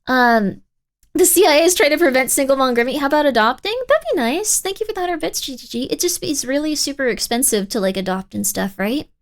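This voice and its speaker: A woman's voice: high-pitched, very animated, fast talker. A young woman in her twenties, a streamer chatting casually and rambling with lots of "like". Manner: chatty, rambling, heavy use of "like". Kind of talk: casual livestream chat.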